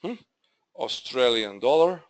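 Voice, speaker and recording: Slow-talking man presenting a trading webinar. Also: medium pitch, animated. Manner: halting, repeats himself, addresses viewers as "guys". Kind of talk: live trading webinar walkthrough.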